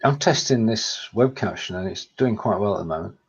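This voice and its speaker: A British man co-hosting a casual live-stream chat, quick and jokey, laughing often. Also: fairly low pitch, expressive, husky. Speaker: co-host. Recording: dull lo-fi audio.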